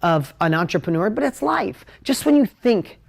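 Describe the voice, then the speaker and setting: A man teaching at a whiteboard on a live stream, emotional and animated, jumping between ideas and talking straight to his viewers. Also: sits high, normal speed, gravelly. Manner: talks straight to viewers, asks for comments. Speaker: business coach hosting a live stream.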